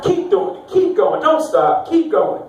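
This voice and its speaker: A man's voice: very high voice, very animated, a little slow, creaky, a little hiss or hum, voice pushed up, full character voice. A man voicing a bossy, eager young woman who keeps urging someone on, in an echoey club. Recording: echoey club, mic from far off.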